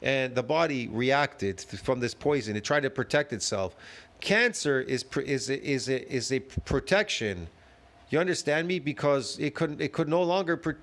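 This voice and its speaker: A man reacting to a video with a long, emphatic rant full of repeated phrases and rhetorical questions. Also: on the high side. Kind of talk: ranting commentary.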